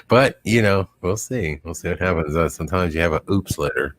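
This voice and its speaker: A man's voice: deep voice, lively intonation, normal speed, a bit bright, slight background noise. A man hosting a live stream, chatting casually and rambling with chuckles. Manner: rambling, chuckling, quotes dogs in silly voices. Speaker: livestream host. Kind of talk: casual chat.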